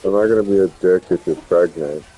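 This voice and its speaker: A man's voice: low-pitched, brisk, dark tone, poor audio. A man in casual chat who speaks in a laid-back way and often gives short, dry replies.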